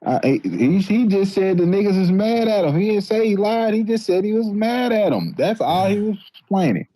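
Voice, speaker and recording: A man's voice: high voice, expressive, moderate pace, mellow, no echo, low-quality recording. A man co-hosting a podcast in casual chat, insistently repeating his point. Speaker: podcast co-host.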